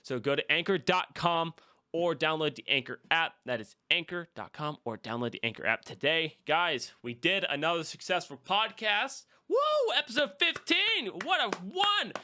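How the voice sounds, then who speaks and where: A young man hosts a casual podcast, enthusiastically plugging his channels and a sponsor while using lots of fillers. His voice is a little high, sharp and clean, animated, and moves at a moderate pace.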